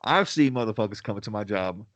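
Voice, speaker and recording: A man's voice: on the low side, expressive, fast talker, no room sound. A man co-hosting a podcast in casual chat, blunt and profane, acting out his run-ins with customers. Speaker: podcast co-host.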